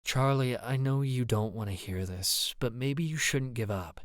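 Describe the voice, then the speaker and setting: A man narrating an audiobook, voicing a blunt young woman who speaks flatly and matter-of-factly. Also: medium pitch, a little slow, no echo, studio quality, close to an everyday voice. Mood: dry. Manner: flat, matter-of-fact.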